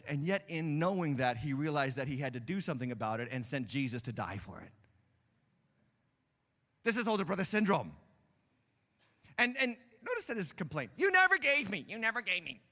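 A man preaching a sermon as pastor, moving between quiet, hushed asides and loud, emphatic preaching. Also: a little high, expressive, normal speed. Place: church sanctuary. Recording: church hall with long reverb.

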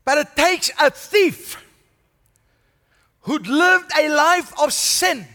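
High-voiced preaching man in echoing church. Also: animated, very slow, bright, forceful tone. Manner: preaching with rising emphasis, calls of "Amen?". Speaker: senior pastor. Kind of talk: sermon.

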